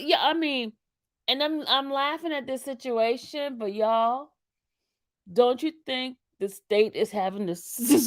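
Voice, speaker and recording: A high-pitched woman talks straight to her viewers, keeping it loose and chatty. She is animated, laughs a lot and keeps calling the audience y'all. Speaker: commentary channel host. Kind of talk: casual commentary to viewers.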